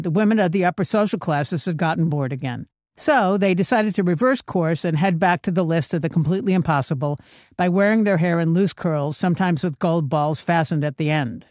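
A woman's voice: on the low side, no room sound. Wry woman with dry sarcasm. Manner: wry, sarcastic, deadpan asides. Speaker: comedic host. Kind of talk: scripted comedic narration.

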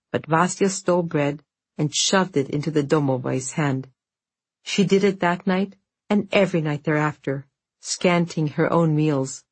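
A woman narrating an audiobook in a measured, steady storytelling manner. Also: on the low side, husky, no room sound.

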